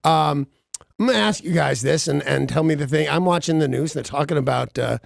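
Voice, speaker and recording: Gravelly guy hosting morning radio, kinda high voice, dry studio mic, rambles and restarts a lot. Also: brisk, dry recording. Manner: rambling, self-mocking storyteller with many restarts. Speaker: radio morning show host. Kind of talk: casual on-air banter. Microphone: studio microphone.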